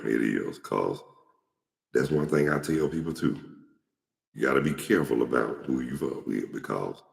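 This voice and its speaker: A very deep-voiced, gravelly middle-aged man spins loose, profane anecdotes in a casual host monologue. His pitch rises and falls widely as he goes. He is recorded in an echoey room with a long, lingering reverb. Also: darkish tone. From Atlanta, Georgia. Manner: rambling, blunt, profane anecdotes. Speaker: show host.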